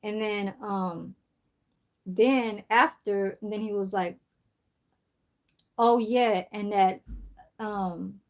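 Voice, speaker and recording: A woman's voice: medium pitch, steady tone, takes it slowly. Woman ranting casually on a live stream. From San Francisco, USA. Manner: swears freely, rambling storytelling. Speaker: livestream host. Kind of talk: casual livestream chat.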